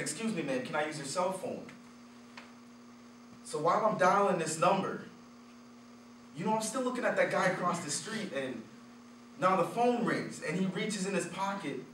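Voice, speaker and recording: Man, motivational speaker, fairly high voice, roomy echo, faint background noise. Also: fairly bright tone, distant mic. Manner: candid storytelling, chuckles at his own stories. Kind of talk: motivational talk with personal stories.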